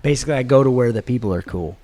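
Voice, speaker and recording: A man's voice: medium pitch, expressive, rapid-fire, a little mellow. A man hosting a casual podcast chat, joking and laughing often. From United States. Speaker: podcast host.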